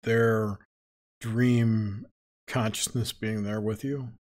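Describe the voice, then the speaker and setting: A man asking a guest a question in a measured, searching way. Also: on the low side, steady tone, darkish tone. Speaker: interviewer. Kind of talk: interview question.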